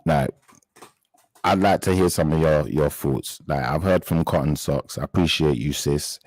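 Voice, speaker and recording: A man hosting a live stream chat, talking straight to his viewers in an indignant, halting way and often reaching for words. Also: very deep voice, a little mellow, no echo, rough recording.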